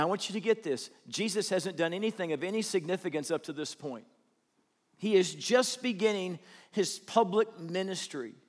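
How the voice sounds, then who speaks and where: High-voiced preacher in a reverberant hall. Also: male voice. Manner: emphatic preacher, repeating phrases for effect. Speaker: pastor. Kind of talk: sermon.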